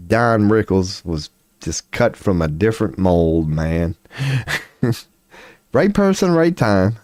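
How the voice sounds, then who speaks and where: Low-voiced profane man in his forties. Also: very animated, takes it slowly, a little mellow, slight background noise. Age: 40s. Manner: rambling, profane, laughs often. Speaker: streamer. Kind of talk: casual livestream chat.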